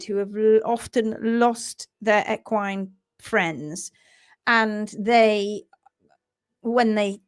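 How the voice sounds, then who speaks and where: Give me a fairly high-voiced woman hosting a casual live stream, reading out viewer comments with earnest sympathy. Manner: warm greetings, reading viewer comments aloud. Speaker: live stream host, hoof trimming teacher.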